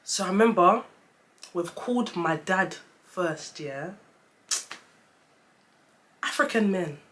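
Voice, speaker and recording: A young woman tells a story-time vlog, chatty and animated, often calling her viewers "guys". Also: lowish voice, takes it slowly, slight background noise. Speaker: vlogger.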